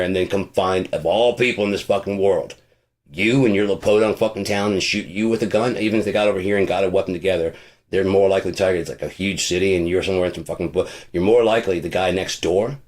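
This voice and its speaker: A man giving a casual, profane, rambling rant with a sarcastic edge, as host of his own show. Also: low voice. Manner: swears constantly, rambling, sarcastic. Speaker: podcast host.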